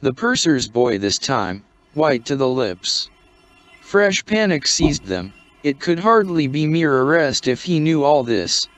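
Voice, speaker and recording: A man reading a short story aloud in a measured, scripted narration. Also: on the high side, very animated, fairly bright tone. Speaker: audiobook narrator. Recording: dry, dull lo-fi recording.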